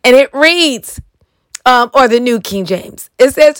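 High-voiced, slow, earnest woman preacher. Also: expressive, smooth, no echo. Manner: earnest, repeats "listen to me" and "okay". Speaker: podcast preacher. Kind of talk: sermon reading scripture.

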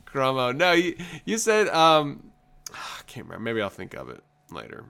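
A man co-hosting a podcast in casual chat, excitable and jokey, laughing a lot. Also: mid-range voice, normal speed, creaky, clean tone. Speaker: podcast co-host.

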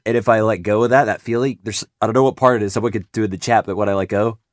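A man's voice: fairly low pitch, fairly even intonation, rapid-fire, no room sound, studio quality. A man, a voice actor, talking shop casually, rambling and breaking off mid-thought to demonstrate sounds. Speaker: voice actor guest.

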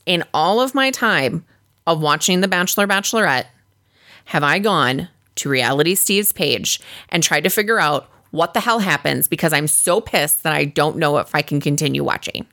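A woman co-hosting a casual podcast, talking about reality TV in an animated, exasperated way and swearing freely. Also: low voice, moderate pace. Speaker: podcast co-host. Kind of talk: casual reality-TV recap chat.

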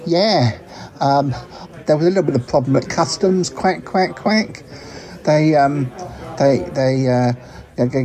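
A man's voice: on the high side, warm tone, natural voice. A man voicing a chatty, good-natured talking duck on his travels, who rambles, giggles and tacks quacks onto his sentences. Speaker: roving reporter. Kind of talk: comic character monologue.

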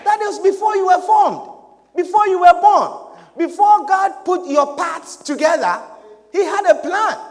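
A man with a very high, lively voice preaches slowly and deliberately, rising to shouted emphasis and trading amens with the congregation. His sermon rings out with a long reverb, as if it were recorded in a large church sanctuary. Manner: slow, emphatic preaching with shouted peaks and call-and-response amens.

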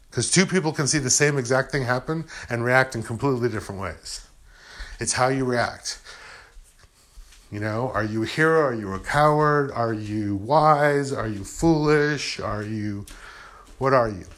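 A man's voice: mid-range voice, moderate pace, fairly bright tone. A man in a casual, rambling spiritual monologue, acting out imagined objections and answering them with "you know" and "I'm like".

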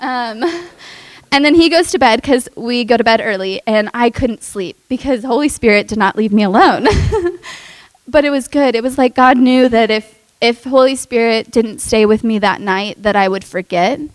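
A young adult woman telling a personal testimony in an earnest, emotional way, with many fillers and soft laughs. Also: fairly high pitch, normal speed, no echo, poor audio. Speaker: speaker sharing a testimony.

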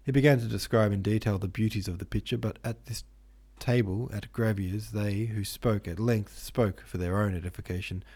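A man reading a novel aloud as host, in steady, measured narration. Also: lowish voice, breathy edge. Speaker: host and audiobook reader. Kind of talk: scripted narration.

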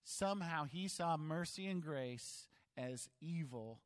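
A man's voice: fairly high pitch, animated, slow. A man preaching a sermon, reading scripture aloud and then explaining it with dramatic emphasis. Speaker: pastor. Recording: long hall reverb.

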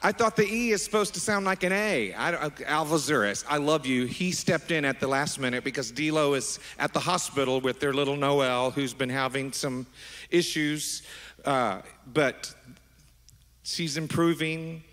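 A middle-aged man preaching as a pastor, animated and affectionate, wandering into asides with his congregation. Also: a little high, normal speed. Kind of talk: sermon. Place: large church sanctuary. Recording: long hall reverb.

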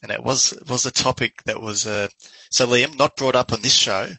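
A man's voice: medium pitch, steady tone, normal speed, vocal fry, pushed and bright, slightly rough, dry recording, rough recording. A man co-hosting a sports podcast, who teases his co-hosts as he runs a guessing quiz. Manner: teasing, quizmaster banter. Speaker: podcast co-host. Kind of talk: casual sports chat.

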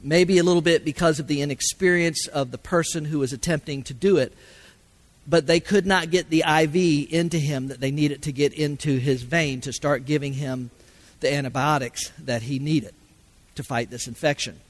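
A middle-aged man preaching a sermon. He swings from loud, ringing calls to hushed, quiet pauses. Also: a little high, steady tone. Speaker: pastor.

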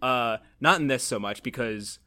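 A young man chatting casually, rambling and animated, laughing often. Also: mid-range voice, normal speed, clear, resonant tone. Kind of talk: casual chat.

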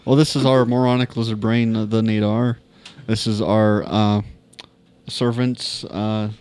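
A man's voice: fairly low pitch, little pitch movement, measured pace, a little mellow, clean tone, pitched below the performer's own voice, natural voice. A man voicing a boastful bard in a tabletop game, haughty and theatrical. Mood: pompous. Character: boastful male human bard, pompous and snide.

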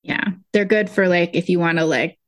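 A woman's voice: fairly low pitch, moderate pace, slight background noise. A young woman from the Lake Tahoe area, co-hosting a podcast in a bubbly, chatty way with lots of "like" fillers. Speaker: podcast co-host. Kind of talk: casual chat.

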